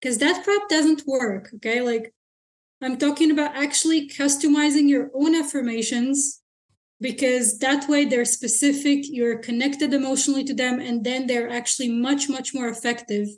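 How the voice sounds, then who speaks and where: A high-pitched woman speaks as a coach and guest on a podcast. She explains her methods bluntly and matter-of-factly in casual conversation. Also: steady tone, normal speed. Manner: direct and matter-of-fact, blunt. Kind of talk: casual interview chat.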